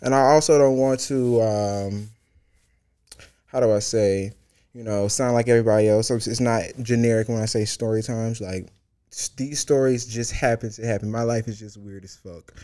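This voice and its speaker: Young male host, comedic storyteller, brash and profane, swings from shouting to near-whisper, dry close sound. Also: on the low side, normal speed, smooth, dry recording. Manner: animated and profane, jumping from loud outbursts to hushed asides. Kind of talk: comedic story time monologue.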